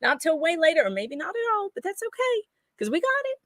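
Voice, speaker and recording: A woman's voice: extremely high pitch, big pitch swings, quick pace, fairly bright tone, dry recording, voice pushed up, heavily acted. Woman playing a boastful, evasive Southern man, a prosecutor with a drawl and bluster, dry close sound. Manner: drawling, brash, repetitive bragging.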